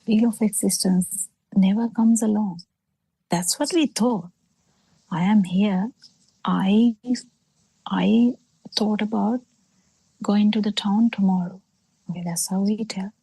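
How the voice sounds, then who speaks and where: A woman giving a Buddhist teaching over a video call, halting, with many pauses and fillers, often falling into soft breathy half-whispers. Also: medium pitch, steady tone, no room sound, poor audio. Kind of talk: slow spoken dharma talk on a video call.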